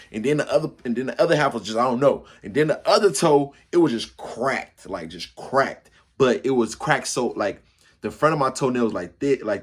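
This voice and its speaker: Husky man telling a funny story. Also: medium pitch. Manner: animated, acts out yells and crashes; casual slangy chat to viewer.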